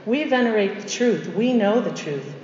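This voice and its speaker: A woman's voice: a little high, expressive, normal speed, darkish tone, a little hiss or hum. Emphatic woman in an echoey hall. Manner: emphatic, repeats key phrases, conversational asides. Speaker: Catholic religious sister. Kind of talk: storytelling faith talk to an audience. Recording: echoey hall, dull muffled sound.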